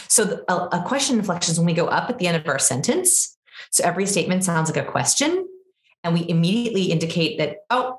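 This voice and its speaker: A woman in her thirties explaining behavior research as an interview guest, animated and quick, acting out examples in her own voice. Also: on the low side, echoey room. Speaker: guest expert on body language.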